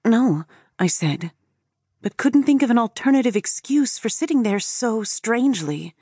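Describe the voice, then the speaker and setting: Breathy, mellow female audiobook narrator. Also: fairly high pitch, animated, normal speed, no echo, clean studio sound. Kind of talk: first-person scripted narration.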